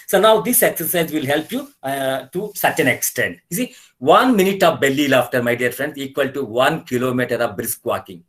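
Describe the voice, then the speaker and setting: A man's voice: mid-range voice, a bit bright. An older man with an Indian English accent, teaching laughter yoga over a video call in an earnest, repetitive way with demonstrated laughs. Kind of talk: online webinar instruction.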